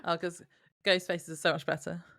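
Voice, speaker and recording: A woman's voice: on the low side, little pitch movement, normal speed, fairly bright tone, no echo, clean studio sound. A woman co-hosting a podcast in casual chat, laughing often and reading from her notes. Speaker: podcast co-host.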